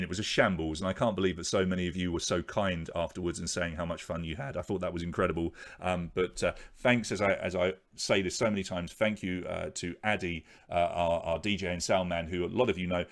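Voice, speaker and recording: A man hosting an online pub quiz from his home office, chatting casually and rambling with many restarts. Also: low voice. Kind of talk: casual live-stream chat.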